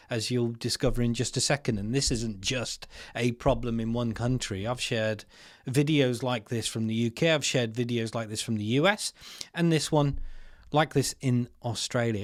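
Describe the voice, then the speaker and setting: Guy ranting sarcastically about his topic, normal pitch, dry close sound. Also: lively intonation, moderate pace, dry recording. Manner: exasperated and sarcastic, slangy asides. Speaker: commentary channel host. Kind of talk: opinionated commentary.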